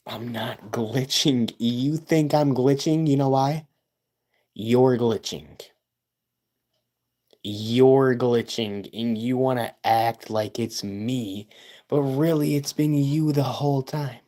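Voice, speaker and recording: A man live streaming and chatting with his viewers, boastful and self-hyping, swinging between loud outbursts and low mutters and repeating himself. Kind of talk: casual livestream chat with viewers.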